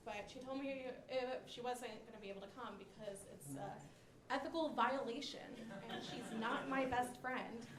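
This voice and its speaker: A young woman performing a stand-up comedy set, telling self-deprecating stories with many fillers. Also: high voice. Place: comedy club stage. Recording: roomy club sound with audience laughter.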